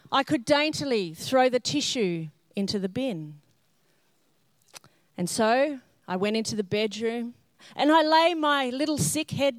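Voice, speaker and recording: Her voice high-pitched and recorded dry, a middle-aged woman preaches as a pastor. She tells humorous stories at her own expense and animatedly acts out each scene in character.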